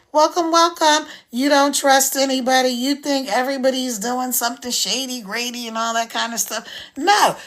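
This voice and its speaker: An American woman talking casually to viewers on a live stream, chatty and persuasive as she pitches her online business program into a phone. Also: fairly bright tone. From United States.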